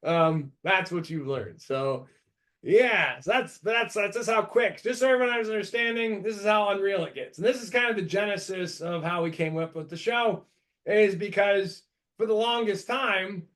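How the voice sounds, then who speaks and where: A man in his thirties from the United States hosting a podcast, telling stories in a rambling, animated way, with many restarts, and breaking into shouted voices when he quotes people. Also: high-pitched, normal speed. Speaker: podcast host. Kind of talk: casual storytelling chat.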